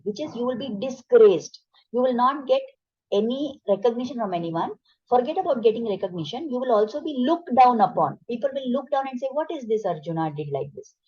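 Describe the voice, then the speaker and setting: Woman, scripture teacher; husky, slightly high, patient explainer; dull lo-fi audio. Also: a little mellow. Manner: explains slowly with rhetorical questions. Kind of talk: explanatory spiritual talk.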